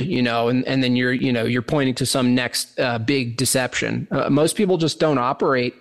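A man's voice: mid-range voice, fairly even intonation, moderate pace, few pauses. A man talking as a podcast guest, rambling with lots of fillers and restarts. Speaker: podcast guest, meme producer. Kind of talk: casual podcast chat.

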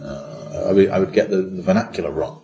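A man's voice: low-pitched, fairly even intonation, brisk, creaky, mellow, roomy sound. An older man from Britain, an actor being interviewed, speaking in a hesitant, self-deprecating way with many restarts. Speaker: actor guest. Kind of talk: relaxed interview chat.

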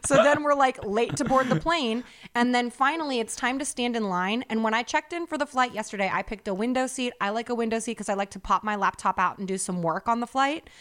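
A young woman with a high voice tells a story on a casual podcast. She is animated and swears freely, and she slips into quick impressions of the people in the story. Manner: animated, profane, acts out other people's lines. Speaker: podcast co-host.

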